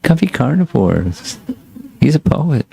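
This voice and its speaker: A man's voice: medium pitch, big pitch swings, takes it slowly, creaky, mellow, slight background noise. A man teaching a scripture class, reading a passage aloud and breaking in with short plain asides. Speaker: spiritual teacher.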